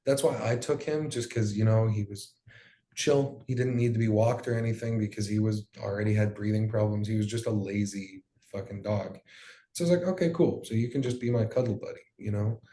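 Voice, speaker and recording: A man's voice: on the low side, normal speed, mellow. A young man giving an emotional personal account as an interview guest, in loose, profane storytelling with plenty of fillers. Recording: roomy echo.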